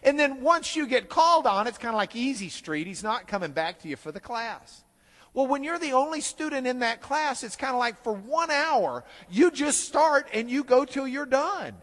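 A middle-aged man teaching a Bible class, telling a self-deprecating story in an animated way. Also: very high voice, normal speed, in a large hall. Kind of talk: storytelling lecture.

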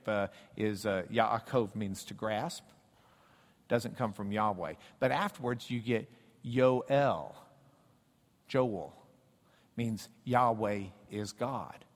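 A man giving a Bible teaching in a church, dramatically acting out the scripture he quotes and asking pointed questions. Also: medium pitch. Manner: dramatic, acts out scripture quotes with big swings in loudness; slow, deliberate delivery with pointed questions. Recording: long reverb of a church hall.

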